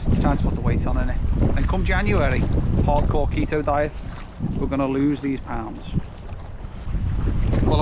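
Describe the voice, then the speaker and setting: Standing on a windy riverbank, a chatty fishing vlogger grumbles and jokes at his own expense while talking to camera. His voice is medium-pitched, the sound lo-fi, with heavy wind noise on the microphone.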